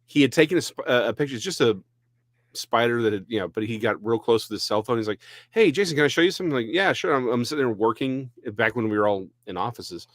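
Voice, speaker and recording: A man from Texas co-hosting a podcast, chatting casually with hesitant restarts that break into quick bursts. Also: medium pitch, no room sound, clean studio sound. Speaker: podcast co-host. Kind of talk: casual chat.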